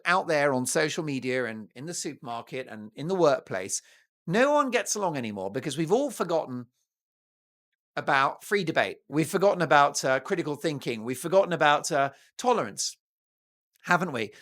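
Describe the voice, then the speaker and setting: A man hosting his own talk show, talking straight to his viewers in a jokey, animated monologue. His pitch swings widely as he riffs, teases and drifts into playful asides. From United Kingdom. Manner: playful, jokey, breaks into mock Italian and snatches of song.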